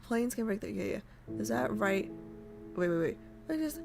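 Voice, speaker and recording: A woman's voice: mid-range voice, expressive, moderate pace, gravelly, a little mellow, faint music behind. A woman streamer chatting playfully with her viewers and reading a game story aloud. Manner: chatty and playful, teasing herself and her chat.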